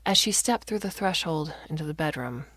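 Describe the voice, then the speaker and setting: A woman reading a science fiction story aloud as narrator, with expressive delivery. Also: low-pitched, fairly quick, breathy edge, no echo.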